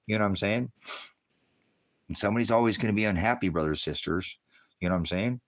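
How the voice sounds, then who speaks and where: American man, off-grid preacher type, low voice, profane heated rants with shouting bursts. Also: quick pace. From United States. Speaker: ministry channel host. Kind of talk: profane off-grid rant to viewers. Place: rural off-grid homestead.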